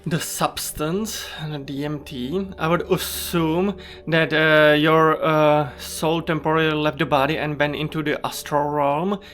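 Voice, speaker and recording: A man hosting a spiritual commentary, earnest and halting, full of ums and uhs. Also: a little high, level tone, a bit bright, faint music behind. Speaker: commentary host.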